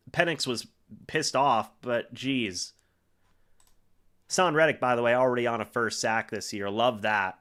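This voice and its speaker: A young man hosting a live stream, reacting to a football game and calling plays in an excitable way, full of fillers. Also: medium pitch, smooth. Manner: excitable play-by-play with frequent fillers.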